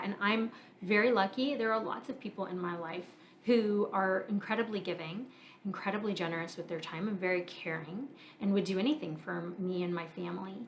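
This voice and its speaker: A woman in her thirties hosting a solo podcast, talking earnestly and reflectively, working through her feelings out loud with frequent fillers. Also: medium pitch, a little hiss or hum, low-quality recording. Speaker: podcast host. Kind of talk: candid solo podcast monologue.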